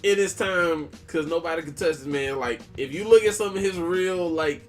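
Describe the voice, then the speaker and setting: High-voiced laid-back podcast man. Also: normal speed, faint music behind. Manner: profane, laid-back, slangy. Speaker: podcast co-host. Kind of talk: casual chat.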